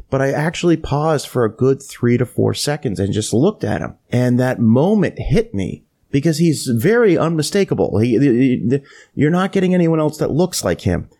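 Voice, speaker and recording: A man with an even, middle-pitched voice tells a story to his co-host. He talks casually and livens up his quotes of what people said. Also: moderate pace. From Florida. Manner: animated anecdote-telling, acts out quoted lines. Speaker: podcast co-host.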